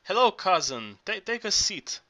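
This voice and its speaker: A mocking village constable, voiced by a man reading, teasing in a bright, forceful voice set a little high. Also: big pitch swings, moderate pace, full character voice. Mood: hearty.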